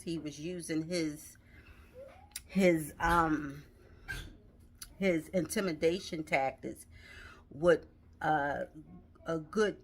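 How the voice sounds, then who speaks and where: A middle-aged woman recounts a hard personal memory, pausing and restarting as she searches for words. She talks slowly, and her voice has a bright, forward edge. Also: low-pitched. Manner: halting, emotional, many restarts. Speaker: storyteller. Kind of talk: personal storytelling.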